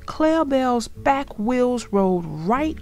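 A woman reading a children's story aloud with an expressive, gentle storybook delivery. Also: a little high, slow pace, soft background music.

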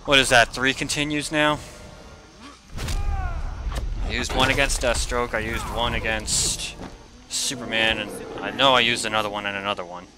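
A man's voice: medium pitch, steady tone, normal speed, long pauses, music in the background. A young man giving casual commentary while playing a fighting game, trash-talking the opponent and grumbling in frustration.

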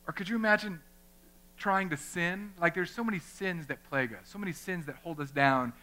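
Bright-voiced, animated young male pastor. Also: on the high side, brisk. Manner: animated, conversational, acts out quoted people. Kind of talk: sermon. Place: church chapel.

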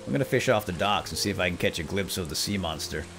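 A man giving casual, excitable commentary while playing a video game, and calling out to the characters as if they could hear him. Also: deep voice, quick pace, music in the background. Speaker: let's play gamer.

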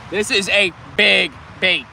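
High bright voiced guy vlogging while fishing outside, chatty and excitable, faint traffic noise around. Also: takes it slowly, creaky. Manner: chatty, excitable, talks to viewers. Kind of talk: casual outdoor vlog commentary. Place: outdoors by a canal.

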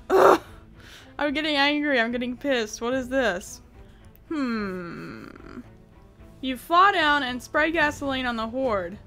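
A high, bright female voice reads out a text adventure and breaks off to react, laughing often and swearing in disbelief. Her tone is sharp and her pitch sits well above most women's. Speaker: gaming YouTuber.

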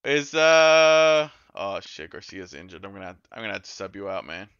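A man giving casual, excitable gameplay commentary as a gaming YouTuber, yelling and swearing when the game goes wrong. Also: on the low side, moderate pace, clear, resonant tone, no echo, highs cut off.

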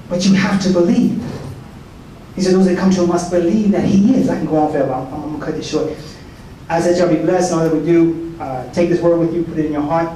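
A man's voice: on the high side, warm tone. A man giving a folksy, preacherly talk at a prayer breakfast, joking with the audience and acting out quoted voices. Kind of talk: sermon. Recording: echoey hall from far off, faint noise.

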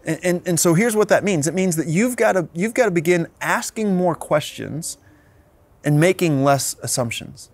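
A man's voice: fairly high pitch, animated, normal speed, no room sound. A man in his thirties, a pastor giving a sermon in an earnest way, often repeating words as he restarts.

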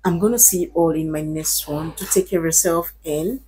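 A woman's voice: low-pitched, brisk, mellow, slight background noise. A woman vlogger talking straight to her viewers, giving earnest advice and pleading with emphasis. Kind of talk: casual advice talk to camera.

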